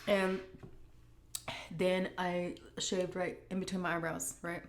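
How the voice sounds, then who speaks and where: A middle-aged woman talks to her viewers between bites, chatty and animated, slipping in plenty of fillers. Her voice sits a little low for a woman. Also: slow pace, slight background noise. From United States. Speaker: food vlogger. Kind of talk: casual storytelling and Q&A.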